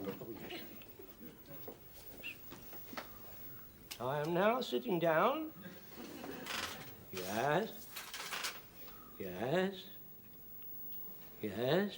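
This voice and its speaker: Flustered old soldier, high voice, very lively pitch, sitcom acting, hissy soundtrack. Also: male voice, extremely slow, long pauses, full character voice. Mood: anxious. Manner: excitable, repetitive, flustered. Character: excitable elderly soldier, eager, flustered.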